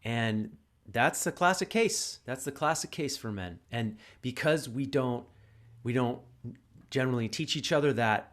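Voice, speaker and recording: A man hosting a podcast conversation, speaking reflectively and haltingly, often repeating words as he gathers his thoughts. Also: medium pitch, animated, a bit bright. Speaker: podcast host. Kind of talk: casual conversation.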